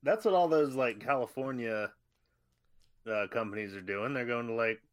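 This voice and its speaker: A man's voice: medium pitch, normal speed, dry recording. A man in casual chat, reacting with short, dry comments.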